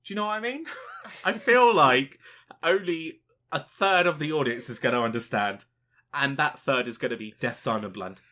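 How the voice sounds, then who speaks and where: Ranting man, bright voice. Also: medium pitch, normal speed. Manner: animated ranting, swears a lot, mimics people in quotes. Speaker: podcast co-host. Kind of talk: casual podcast rant.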